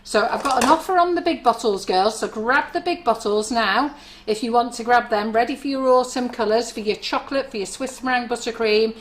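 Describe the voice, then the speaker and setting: A woman's voice: fairly high pitch, fairly quick, a little hiss or hum. Chatty woman demoing baking supplies. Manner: chatty, rambling, storytelling. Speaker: baking shop owner presenting products. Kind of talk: live stream product demo chat. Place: shop kitchen.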